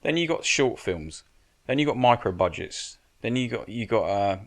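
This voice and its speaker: A stunt coordinator and military adviser appears as a podcast guest, offering casual advice in a frank, blunt way. He swears and often restarts his sentences, speaking in a medium-pitched, animated voice at a moderate pace.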